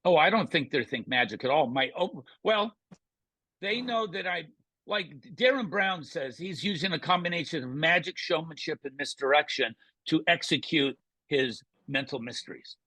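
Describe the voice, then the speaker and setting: Husky, forceful man talking showman patter. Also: on the high side, expressive, no room sound. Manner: quick, punchy, showman patter with restarts. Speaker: guest magician. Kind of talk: casual interview chat.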